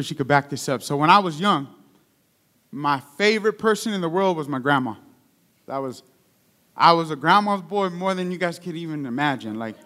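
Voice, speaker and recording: Young man, preacher, sermon, chatty storytelling, slightly high-pitched. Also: pushed and bright. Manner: conversational storytelling with call-outs.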